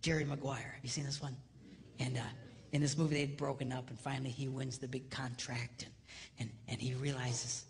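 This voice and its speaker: A man of middle pitch gives a live marriage seminar. He moves between hushed asides and rousing, laughing calls to the crowd. His voice carries a long hall reverb over a faint hum of noise. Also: level tone, fairly quick. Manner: swings from hushed near-whispers to loud, laughing shouts; preacher-like exhortation. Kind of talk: live comedic seminar talk. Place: large hall before a live audience.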